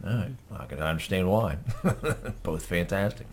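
A man's voice: low-pitched, normal speed. A man co-hosting a radio morning show in the studio, laid-back, laughing easily and asking the guest questions. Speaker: radio co-host. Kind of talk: casual on-air banter.

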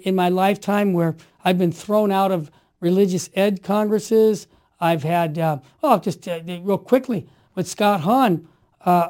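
A man in his sixties telling stories in an interview, emphatic and fervent, building to forceful outbursts. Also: high-pitched. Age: 60s. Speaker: guest. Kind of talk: impassioned storytelling in conversation.

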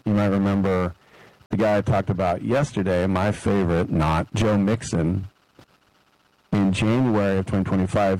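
A man's voice: deep voice, dark tone, no room sound, low-quality recording. A middle-aged man hosting a sports talk show, chatty and digressive, drifting into side stories and acting out quoted voices. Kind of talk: casual sports commentary monologue.

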